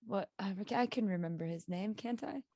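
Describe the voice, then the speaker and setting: A woman hosting a casual podcast, relaxed and quick to laugh, with many "like" fillers. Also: mid-range voice, creaky, dry recording, studio quality. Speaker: podcast host.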